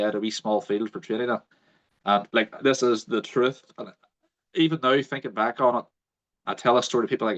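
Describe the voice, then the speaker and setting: A man, hosting a podcast and telling a story in casual chat, acting out the people he quotes. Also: fairly low pitch. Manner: animated storyteller, acts out quoted voices. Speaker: podcast host. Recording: dull lo-fi audio.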